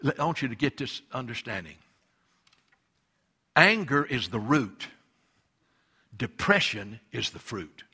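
A man's voice: mid-range voice, very animated, a little slow, pauses often, sharp tone, breathy edge. A male pastor preaching a sermon, emphatic and repetitive, acting out quoted voices.

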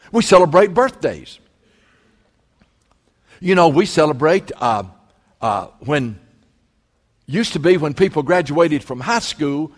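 A pastor delivers an emphatic sermon, his slightly high voice swinging widely in pitch. He mixes folksy asides with earnest preaching. A long reverb from the church hall trails each phrase. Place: church sanctuary.

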